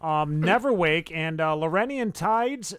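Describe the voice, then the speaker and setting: A man's voice: fairly high pitch, expressive, measured pace, fairly bright tone, clean tone, no room sound. A man hosting a live podcast, chatting casually and announcing guests in a rambling, stop-start way. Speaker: podcast host. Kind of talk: casual live-show chat.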